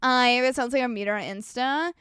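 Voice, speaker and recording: A young woman with a high voice talks to her live-stream chat, swearing freely and ranting in an animated way. The sound is dry and close, with no room around her. She jumps between stories and chat messages. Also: brisk, smooth, dry recording. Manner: reads and answers chat messages.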